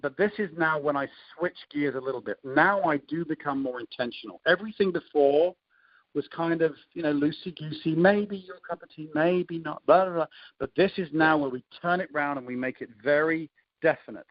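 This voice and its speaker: A man with an English accent coaching on a call, talking through sales invitation scripts in a relaxed, conversational way with frequent ums and restarts. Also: on the high side, brisk, no echo, muffled recording. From England. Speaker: network marketing coach.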